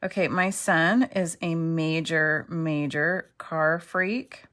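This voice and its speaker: Slow-talking chatty woman craft teacher. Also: low-pitched, fairly even intonation, a bit bright. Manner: chatty, self-deprecating, says okay often. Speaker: craft instructor. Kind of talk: crafting tutorial.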